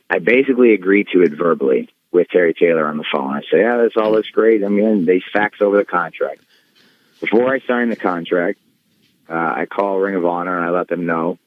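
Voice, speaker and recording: A low-voiced man tells a story as an interview guest, casual and animated. The sound is dull and bone dry, with no room at all. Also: no room sound. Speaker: guest wrestler.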